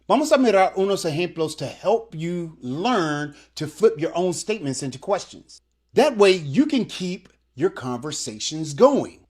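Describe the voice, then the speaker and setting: A language teacher gives a scripted video lesson, coaching encouragingly as they switch between English and Spanish phrases. They repeat example sentences slowly for learners, in a medium-pitched voice with a breathy edge.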